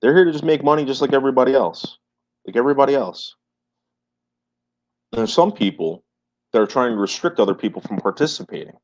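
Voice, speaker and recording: Here a medium-pitched man talks fast and animatedly in casual livestream chat, though he leaves long pauses, repeats himself for emphasis and swears freely. His stream sounds muffled and low-fidelity.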